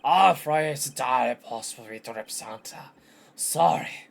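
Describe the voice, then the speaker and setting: A man's voice: mid-range voice, fairly quick, vocal fry, natural voice. A man voicing a pompous elderly male lawyer in a wobbly mock-Scottish lilt, calling people "boy" and "laddie". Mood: brusque.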